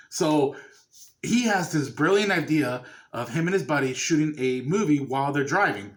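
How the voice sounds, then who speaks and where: Guy with a slightly high voice rambling casually about a movie, cusses a bit. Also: animated, normal speed. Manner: loose, chatty, swears freely. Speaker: movie reviewer. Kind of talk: casual review chat.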